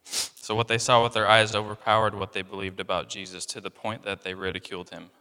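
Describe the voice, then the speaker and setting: A young man delivers a relaxed, talky sermon with a lowish voice. He leans on fillers and slips into other people's voices as he goes. The sound carries a long reverb from the room. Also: a little fast, clean tone. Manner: conversational, many fillers, acts out voices of people in the story. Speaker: preacher. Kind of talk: casual sermon.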